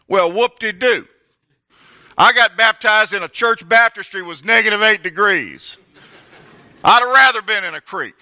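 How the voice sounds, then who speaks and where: Bright-voiced pastor telling a story. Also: male voice, high voice, moderate pace. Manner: animated storytelling with comic asides. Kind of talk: sermon.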